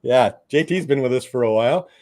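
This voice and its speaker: Loud guy hosting a stream, jokey, voice all over the place. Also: mid-range voice, animated, fairly quick. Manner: loud, joking, laughs often. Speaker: livestream host. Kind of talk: casual live stream chat.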